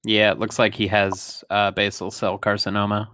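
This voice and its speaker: A man co-hosting a podcast, chatting casually with dry, quick-witted remarks. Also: on the low side, monotone, pushed and bright, no room sound. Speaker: podcast co-host. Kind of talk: casual chat.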